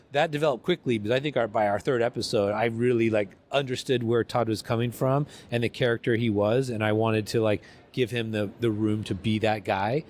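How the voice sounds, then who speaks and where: A man's voice: mid-range voice, a little hiss or hum. A man co-hosting a podcast, chatting casually in a rambling, self-deprecating way with frequent restarts. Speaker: podcast co-host. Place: convention venue.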